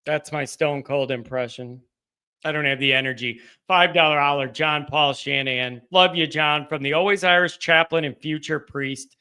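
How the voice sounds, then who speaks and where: A man hosting a live call-in fan show, talking in a subdued, halting way with frequent restarts as he reads out donations. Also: fairly high pitch, steady tone, pushed and bright, clear, resonant tone. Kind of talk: casual live-stream chat, reading donations.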